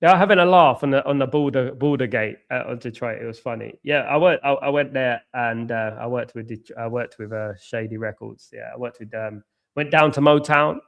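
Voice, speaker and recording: A man's voice: medium pitch, a little fast, vocal fry, dull audio. An English man with an English accent chats casually as host of a live football watchalong. He rambles and restarts sentences often, leaning on ums and repeating the same phrase a few times over. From England. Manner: rambling, repeats himself, many fillers and restarts. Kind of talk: casual live chat reacting to a match and reading comments.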